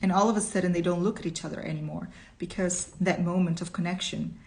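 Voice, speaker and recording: Woman reading slowly and deliberately. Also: lowish voice, steady tone, darkish tone. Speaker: literature teacher. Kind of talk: reading a short story aloud with commentary.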